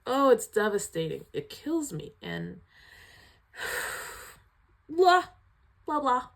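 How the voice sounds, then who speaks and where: A woman giving a casual video review of a film. She retells scenes in an animated, emotional way, sighing often. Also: fairly high pitch, drawn-out words, gravelly.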